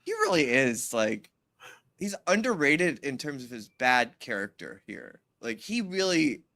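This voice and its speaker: A woman co-hosting a podcast, chatting casually in an animated way, swearing and cutting in often. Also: sits low. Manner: animated, swearing, quick interruptions. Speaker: podcast co-host. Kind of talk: casual chat.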